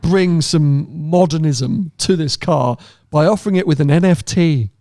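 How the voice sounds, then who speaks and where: Chatty, animated man, dry close mic. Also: fairly high pitch, dry recording. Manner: chatty, animated, quick to laugh. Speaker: podcast co-host. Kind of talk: casual chat.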